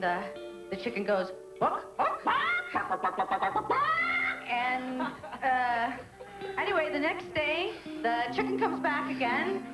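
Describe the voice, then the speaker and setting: A flustered witty woman at a mic. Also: on the high side. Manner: hesitant, with ums and laughs on stage. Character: flustered, witty woman trying amateur stand-up. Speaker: soap opera character doing stand-up. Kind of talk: 1990s daytime soap acting. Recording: echoey room with music behind.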